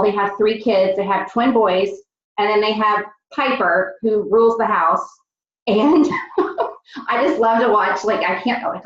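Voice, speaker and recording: Gushing woman hosting a team call. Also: mid-range voice. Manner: gushing, chatty. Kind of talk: casual team call introduction. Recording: roomy, dull lo-fi call audio.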